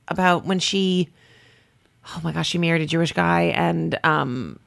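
A woman's voice: sits low, a little slow, creaky. A woman from Canada, a comedian, chatting animatedly as a guest and slipping into impressions. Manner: animated storyteller who slips into impressions. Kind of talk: casual interview chat.

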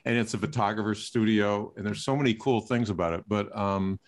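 Eager male host with a lowish voice. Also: fairly even intonation, a little fast. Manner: curious, eager questioning. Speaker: interview host. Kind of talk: interview.

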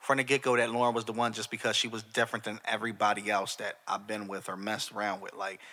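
Fast-talking bright-voiced young man. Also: on the low side, level tone. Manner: laughs often, says "like, seriously" a lot. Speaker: podcast co-host. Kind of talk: casual chat.

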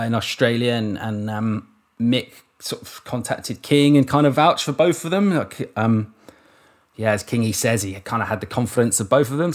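A man with an English accent, a surf commentator chatting casually as a guest, rambling with restarts and casual swearing. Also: medium pitch. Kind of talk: casual interview chat.

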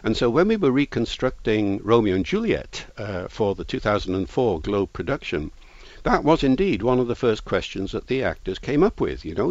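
Measured, low-voiced man, lo-fi. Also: big pitch swings, no room sound. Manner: measured, lecturing. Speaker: language expert guest. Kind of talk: explanatory interview talk. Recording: dull lo-fi recording.

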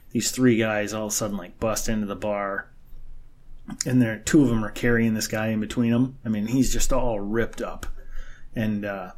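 A man's voice: fairly low pitch, darkish tone. A man in casual chat, telling long crude jokes and acting out the characters in them. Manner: rambling joke-teller acting out characters.

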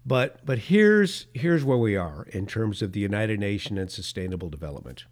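A middle-aged man with a fairly low voice hosts a political commentary show. He talks with biting sarcasm and chuckles at his own jabs. He gets fired up, then reins himself back in. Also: animated, normal speed. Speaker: podcast host.

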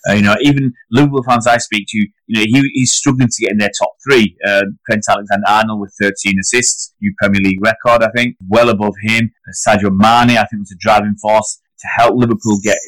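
A man co-hosting a football podcast, arguing his point in an animated, heated way, his pitch climbing as he gets worked up. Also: fast, hardly any pauses, no room sound, rough recording. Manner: animated, argumentative, rising pitch when heated. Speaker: podcast co-host. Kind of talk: casual football podcast chat.

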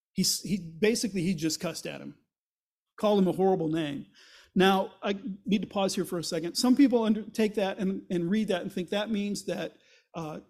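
High-voiced pastor retelling scripture. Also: male voice. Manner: retells scripture in lively, casual storytelling; acts out quoted voices with rising intensity. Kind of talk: sermon.

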